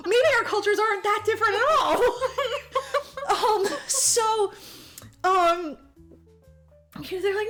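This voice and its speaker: A woman's voice: very high voice, takes it slowly, long pauses, a bit bright, faint music behind. A woman podcast host recapping a movie in casual, rambling, profane chat full of fillers. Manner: rambling, swears a lot, heavy fillers.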